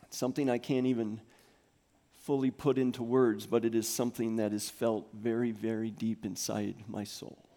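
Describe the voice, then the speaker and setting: A man in his thirties preaching a sermon in a church, swinging from soft near-whispers to loud, rising calls. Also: fairly low pitch, flat delivery, moderate pace. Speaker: pastor. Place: church sanctuary.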